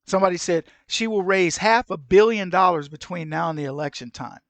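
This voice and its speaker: A middle-aged man hosting an opinion commentary show, telling stories in an animated way and acting out the people he quotes. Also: high voice, a little fast, dry recording. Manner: animated storyteller who acts out the people he quotes. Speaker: podcast host.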